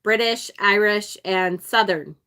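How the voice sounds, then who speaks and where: A woman with an upstate New York accent talks in a bright, clear voice while she unboxes a card deck on a live stream. She chats easily with her viewers and laughs often. Her pitch sits at an ordinary middle level. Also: takes it slowly. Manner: chatty, reads viewer comments aloud, laughs often. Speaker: tarot channel host.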